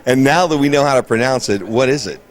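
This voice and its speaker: A man's voice: medium pitch, fast. Friendly male science fair interviewer. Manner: friendly, chatty, laughs easily. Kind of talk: casual interview. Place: busy science fair hall.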